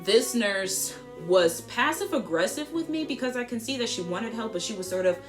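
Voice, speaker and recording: A teenage girl vlogger telling a school story in an animated, slangy way, full of asides. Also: a little high, moderate pace, music in the background. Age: teens. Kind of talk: storytime vlog.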